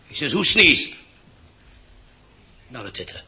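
Give me a man doing deadpan stand-up on a hissy live recording. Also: a little high, normal speed, long pauses. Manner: deadpan one-liners with voiced characters. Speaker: stand-up comedian. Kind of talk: rapid-fire joke telling. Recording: noisy live club recording. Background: audience laughter.

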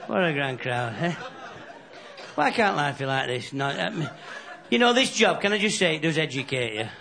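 A man's voice: on the high side, big pitch swings, normal speed, gravelly, crowd noise, background noise. A man with a Yorkshire accent doing a chatty stand-up comedy routine, telling jokes in a self-deprecating way to a live club audience. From Yorkshire, England. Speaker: stand-up comic.

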